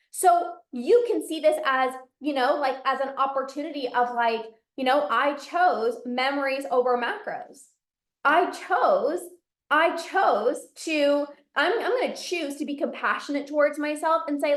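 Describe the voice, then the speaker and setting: A high-pitched woman speaks earnestly and encouragingly in a solo podcast monologue. Her voice bounces around an echoey room. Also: expressive, a little slow. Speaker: podcast host and binge eating coach.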